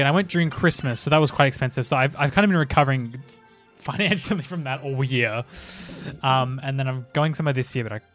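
A man's voice: a little high, fairly bright tone. Breathless man streaming a game. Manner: chatty, profane, rambling. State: out of breath from dancing. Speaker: gaming streamer. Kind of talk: casual let's-play commentary.

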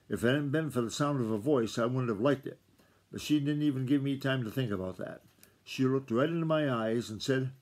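A father reads a novel aloud to his kids, telling the story in a plain, unhurried way. His voice sits at an average pitch for a man, and it sounds like a simple recording made at home. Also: a little mellow. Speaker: father reading to his children.

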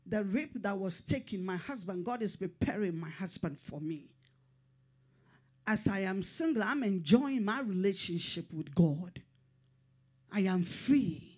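A woman's voice: mid-range voice, a little mellow. A middle-aged woman pastor preaching a sermon in short, fervent, repeated declarations.

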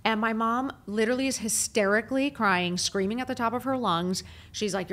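Middle-aged woman guest; candid, animated storyteller with lots of filler phrases. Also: fairly high pitch, fairly quick, hardly any pauses. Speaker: podcast guest.

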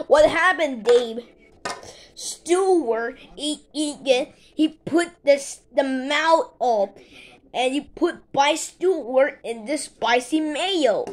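Slow, high-pitched woman playing with toys. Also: slight background noise. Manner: broken English, slow and animated, scolding and squealing. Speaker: toy play narrator. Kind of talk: playful toy play with minion figures.

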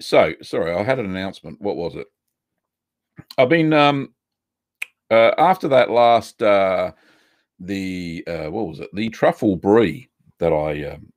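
Gravelly Australian man hosting a livestream. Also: on the low side, no room sound, studio quality. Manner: chatty, many ums and uhs, greets viewers by name. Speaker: host of a live cheesemaking Q&A stream. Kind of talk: casual live-stream chat.

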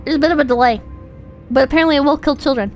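A woman's voice: high-pitched, very fast, a little mellow, faint music behind. A woman streaming a video game, chatting casually to her viewers in a playful, exclamatory way with frequent swearing. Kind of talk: casual gameplay commentary.

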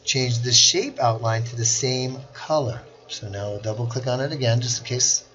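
A man at a mid-range pitch narrates a screen-recorded software lesson, slow and deliberate as he walks through every step. The sound is dull and lo-fi, with a faint hiss behind it. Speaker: instructor.

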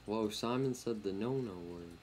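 A young man jokes and teases his way through a horror game with a friend, his voice sitting a little low. His commentary comes through a noisy gameplay capture. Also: moderate pace, a little mellow. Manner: joking, teasing banter. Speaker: gaming YouTuber. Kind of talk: casual let's-play commentary.

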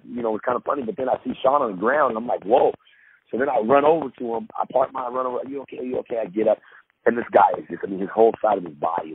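A man, a former pro basketball player, telling rambling, animated stories in a podcast interview, full of restarts and acted-out quotes. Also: deep voice. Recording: tinny phone-line sound, faint hiss.

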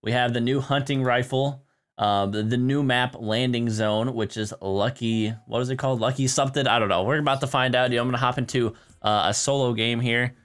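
A man's voice: mid-range voice, fairly even intonation, a little fast, a bit bright, clear, resonant tone. A young man casually commentating a live game stream, chatty and laid-back, with a tired early-morning voice. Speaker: gaming streamer.

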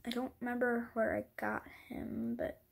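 Woman vlogger, breathy and a bit high-pitched, self-deprecating, casual show-and-tell at home with the odd whisper. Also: sing-song, moderate pace. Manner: rambling, apologetic, self-deprecating; drops into whispers at times.

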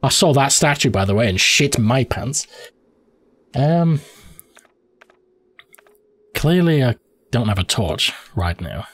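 A man's voice: medium pitch, lively intonation, slow pace, long pauses, fairly bright tone, husky, dry recording. A man hosting a let's play, giving profane, reactive commentary and thinking aloud as he plays. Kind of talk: live gameplay commentary.

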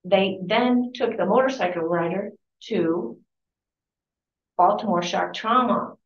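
A woman reads from a memoir at a library talk, breaking off for conversational asides and quick self-corrections. She sits well back from the microphone. The sound is roomy, echoing and muffled. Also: medium pitch. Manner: conversational, corrects herself mid-sentence. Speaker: author giving a book talk. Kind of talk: reading aloud from a memoir with chatty asides. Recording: distant, roomy and dull-sounding.

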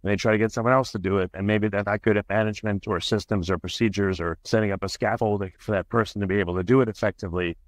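A man's voice: fairly low pitch, fairly even intonation, fast talker, hardly any pauses, no echo. A male podcast host, inquisitive, thinking aloud as he frames his interview questions.

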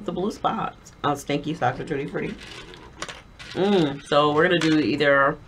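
A woman's voice: deep voice, moderate pace, noisy background. A woman co-hosting a casual taste challenge video, groaning and laughing at the flavors. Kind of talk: casual on-camera chat.

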